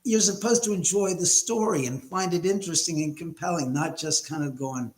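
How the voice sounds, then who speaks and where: Talking a little fast in a higher-pitched voice, this livestream host rambles casually from home, blunt and prone to offhand cursing. The recording has an echoey room sound.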